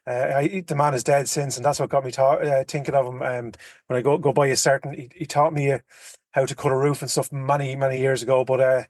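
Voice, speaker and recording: A man's voice: mid-range voice, little pitch movement, fast, a little mellow, no room sound, studio quality. An Irish man on a podcast, telling rambling, profane anecdotes full of restarts in casual chat. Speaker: podcast co-host.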